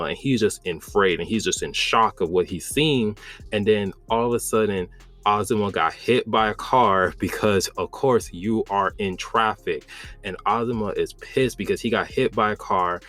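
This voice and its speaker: A man's voice: on the low side, normal speed, fairly bright tone, soft background music. A man hosting his own channel, recapping and reviewing a manga chapter in a loose, enthusiastic way, full of "like" and "bro".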